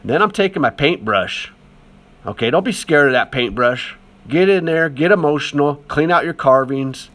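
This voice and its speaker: A man's voice: on the high side, lively intonation, moderate pace, fairly bright tone. A man talking casually over a demonstration as an art teacher, chatty and encouraging, with lots of fillers.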